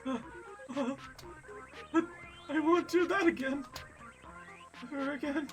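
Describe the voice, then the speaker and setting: A woman's voice: high-pitched, slow, faint music behind. A woman voicing a timid young man who stammers and pleads while accused. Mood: nervous.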